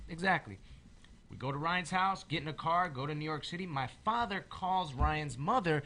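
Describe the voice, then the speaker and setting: A man's voice: a little high, a little fast. A young man telling a story in a casual group chat, acting out the voices in it. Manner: animated, acts out quoted voices. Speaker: podcast guest.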